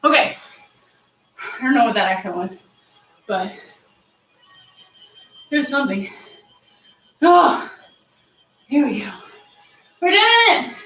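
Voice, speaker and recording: A woman's voice: high voice, big pitch swings, slow, pauses often, a bit bright. A woman fitness instructor leading a livestream workout, counting reps aloud and giving playful, encouraging cues. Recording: echoey room, voice far from mic. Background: faint workout music.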